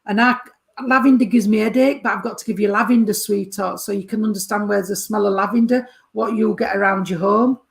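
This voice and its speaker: Brisk and creaky, her mid-range voice holds a fairly even intonation as this medium chats through a reading. She keeps calling the sitter darling and sweetheart and frequently checks if they understand her.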